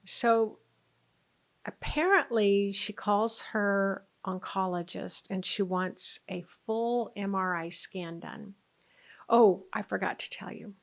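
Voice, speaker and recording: A former nurse turned spiritual healer tells a story to camera in a slow, creaky, mid-range voice. She speaks animatedly, acts out quoted lines, and at times drops almost to a whisper.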